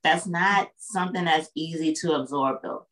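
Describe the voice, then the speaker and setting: On a podcast, a woman guest chats casually in an earnest, reflective manner, frequently asking "you know what I'm saying" to check in with the listener. Her low voice is a bit bright and moves at a moderate pace, though the recording quality is low.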